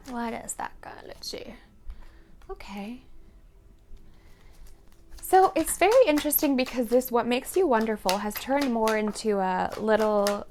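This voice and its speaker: A woman's voice: fairly high pitch, vocal fry. Earnest woman giving a tarot reading. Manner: earnest, gushing, many fillers and restarts. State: emotional, tearful at times. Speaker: tarot card reader. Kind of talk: spiritual pick-a-card reading.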